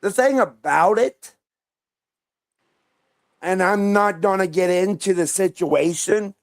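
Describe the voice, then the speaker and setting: A man on a panel, speaking haltingly and often restarting his sentences. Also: high-pitched, no room sound, studio quality. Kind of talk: heated panel discussion.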